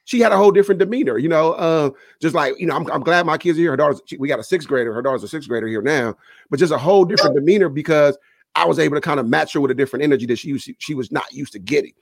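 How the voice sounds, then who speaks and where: A quick-talking man with a gravelly edge and a slightly raised voice co-hosts a casual podcast over a video call. He tells a school story with animated asides and acts out the people he quotes. The sound is close and dry. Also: a little high, no echo. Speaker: school principal and podcast co-host.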